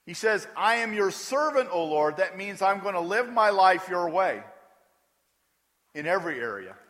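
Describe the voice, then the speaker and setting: A man's voice: sits high, big pitch swings, normal speed, a bit bright. A man preaching a sermon as pastor, emphatic and acting out prayers aloud. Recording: long hall reverb.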